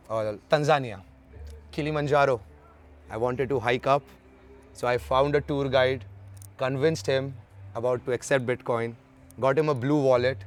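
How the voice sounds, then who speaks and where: A man from India, an interview guest telling travel stories in a lively way and acting out the dialogue. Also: medium pitch. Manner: lively storyteller who acts out the dialogue. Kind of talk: storytelling in an interview.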